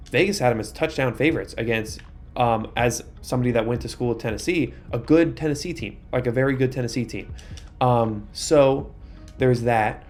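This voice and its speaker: Excitable young man commenting on gameplay. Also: medium pitch. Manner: excitable, exasperated outbursts at the game. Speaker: gaming YouTuber.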